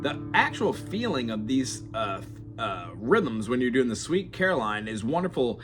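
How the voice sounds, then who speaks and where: A man's voice: medium pitch, big pitch swings, moderate pace. A man teaching beginner acoustic guitar in a chatty, digressive way, now and then singing bits of songs as he plays. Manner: chatty, digressive, breaks into song while playing. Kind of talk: casual guitar lesson with sung examples. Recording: loud guitar under the voice. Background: acoustic guitar playing.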